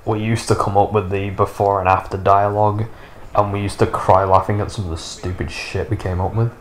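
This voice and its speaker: A man in his thirties rambles through casual gameplay commentary in a lowish voice. He is sarcastic and sweary, and a faint hiss of noise sits under his talk. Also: flat delivery, brisk. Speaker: gaming YouTuber.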